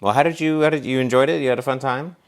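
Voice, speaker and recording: A man's voice: mid-range voice, steady tone, fast. A man co-hosting a casual chat with his wife, teasing and playful as he asks about her outing. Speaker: co-host.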